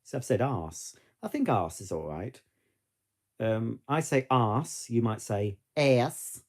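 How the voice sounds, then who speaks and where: Speaking with a sing-song lilt in a lowish, darkish voice, this middle-aged British man vlogs to camera at a measured pace. He has a British English accent and rambles casually, often restarting and wandering into asides.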